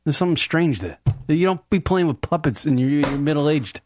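A man's voice: fairly high pitch, expressive, moderate pace, darkish tone, slight background noise. A young man co-hosting a casual, crude comedy talk show, rambling into brash, swearing rants. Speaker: co-host.

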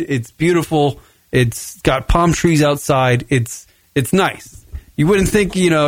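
A man's voice: medium pitch, noisy background. A young man hosting a podcast from his apartment, rambling and swearing in a loose, slightly tipsy solo rant. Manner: rambling, profane, self-mocking, loose from beer. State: a bit tipsy. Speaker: podcast host. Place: home studio in his apartment.

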